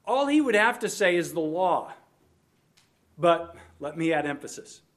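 A man's voice: a little high, sing-song, measured pace, a bit bright. A man preaching an expository sermon, explaining a Bible passage verse by verse and leaning hard on emphasis, at times speaking straight to the children listening. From United States. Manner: expository, emphatic on scripture, addresses kids directly. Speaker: pastor.

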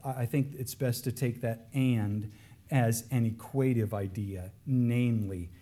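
Unhurried and earnest, a man with a mid-range voice delivers a sermon, sinking to hushed phrases and then climbing to pleading, raised emphasis.

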